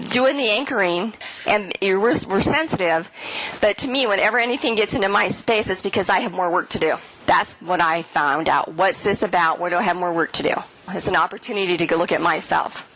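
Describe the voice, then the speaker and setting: A middle-aged woman giving a keynote spiritual talk to an audience, earnest and animated, acting out the lines she quotes. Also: mid-range voice, poor audio. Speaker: keynote speaker.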